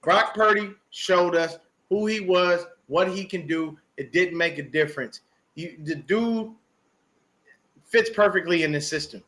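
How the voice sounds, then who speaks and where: On a sports podcast, a male guest rants with heat about a football game, swearing, stressing every point and repeating himself. He speaks at a normal speed in a voice on the high side with a fairly bright tone.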